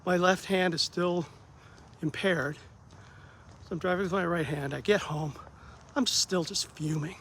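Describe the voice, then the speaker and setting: A therapist recounts his rough day in a relaxed, conversational vlog. His voice sits a touch high for a man and jumps as he acts out what people said. A faint hum of background noise runs under the recording. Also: measured pace, long pauses. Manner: animated, acts out quoted dialogue, self-deprecating. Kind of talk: casual vlog storytelling.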